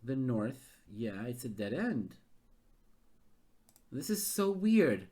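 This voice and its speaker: A man runs a gamebook live, thinking out loud as he maps the route. His voice swings widely in pitch around a middle register, and he gets excitable. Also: slow pace. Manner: thinks aloud, excitable and animated. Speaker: game master. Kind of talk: live-streamed gamebook narration.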